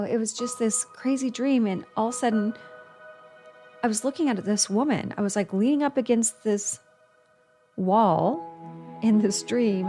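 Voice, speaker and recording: A middle-aged woman hosting a podcast, telling a personal story in a heartfelt, halting way, close to tears. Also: a little high, a little mellow. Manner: emotional, on the verge of tears; heartfelt with many restarts and fillers. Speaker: podcast host.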